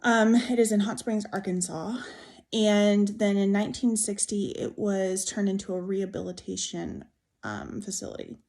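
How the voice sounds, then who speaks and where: A woman's voice: mid-range voice, steady tone, normal speed, darkish tone. A young woman telling a true ghost story to camera in a casual, emotional, rambling way, full of "like" and restarts. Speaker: TikTok storyteller.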